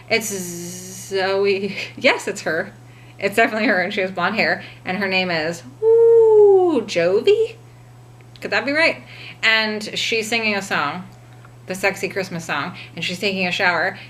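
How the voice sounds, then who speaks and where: A woman's voice: mid-range voice, sharp tone, slight background noise. A woman casually retelling a film from memory, rambling with frequent fillers and laughs. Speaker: vlogger.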